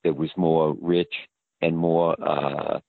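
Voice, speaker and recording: A man's voice: extremely low pitch, level tone, takes it slowly, gravelly, no room sound. An older man, an actor guest in an interview, telling rambling anecdotes. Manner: rambling storyteller. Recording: tinny phone-line audio.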